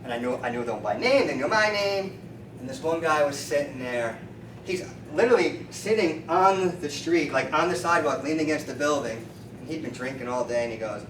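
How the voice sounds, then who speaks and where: A man in his fifties, a chiropractor, telling lively stories at a meeting and acting out the people he quotes. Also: a little high, fairly quick. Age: 50s. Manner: animated storyteller acting out quoted voices. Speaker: chiropractor, featured speaker. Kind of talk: storytelling talk to a meeting. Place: meeting room. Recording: roomy, distant mic with faint noise.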